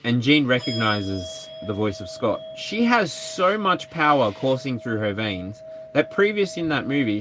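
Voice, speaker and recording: A man's voice: mid-range voice, a bit bright, a little hiss or hum. A man giving a live tarot energy reading, chatty and playful. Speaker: tarot reader.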